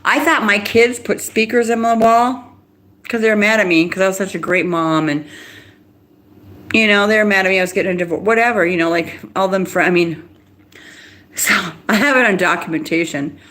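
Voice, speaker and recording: A woman's voice: medium pitch, fairly bright tone. Rambling, agitated woman on a live stream. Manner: rapid, agitated, with restarts and laughs. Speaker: livestreamer.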